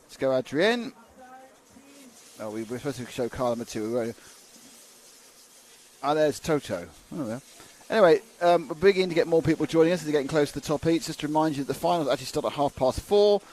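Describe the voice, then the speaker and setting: A man's voice: a little high, expressive, fast, a little mellow. A man commentating a livestream of a model car race, chatty and joking between results, from a commentary box at a racing circuit.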